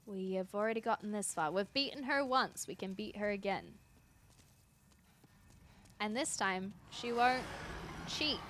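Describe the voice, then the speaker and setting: A woman's voice: mid-range voice, measured pace, pauses often, a bit bright, slight background noise. A woman streamer chatting playfully through her gameplay, talking to her dog and her viewers. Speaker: game streamer. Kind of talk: live-stream gameplay commentary.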